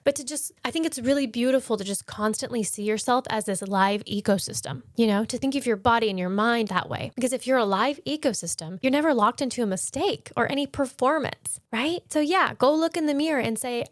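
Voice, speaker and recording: A woman's voice: on the high side, dry recording, studio quality. A woman hosting a podcast, giving earnest, conversational dating advice and reflecting on her own experiences. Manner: earnest, conversational, self-reflective with light laughs. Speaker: podcast host. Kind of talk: personal dating advice monologue.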